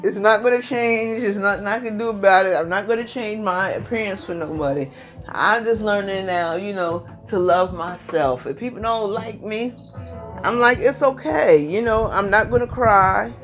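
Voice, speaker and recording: A woman in her fifties speaking to her viewers in a loose, rambling way. She keeps checking in with the listener and returns to the same points. Faint music plays softly behind her. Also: medium pitch, moderate pace. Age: 50s. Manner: chatty, rambling, constantly asks "you know what I mean". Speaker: vlogger. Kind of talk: casual vlog monologue.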